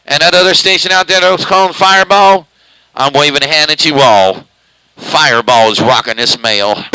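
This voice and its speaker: A man's voice: fairly high pitch, normal speed, pushed and bright, clean tone, rough recording. A man running a live CB radio station at home, chatting loosely with a drawl and speaking right up on the microphone. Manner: loose drawling talk, says he eats the microphone. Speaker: CB radio operator streaming live. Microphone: very close to the microphone.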